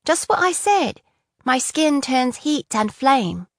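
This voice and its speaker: A woman's voice: sits high, sing-song, slow pace, no echo, studio quality, voice pushed up, full character voice. Woman voicing a defiant young prisoner.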